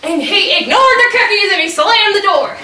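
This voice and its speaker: A woman storyteller telling a tale in character, playful and animated, teasing her audience, recorded from afar in an echoey room. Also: very high voice, moderate pace. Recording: echoey room, distant mic, faint noise.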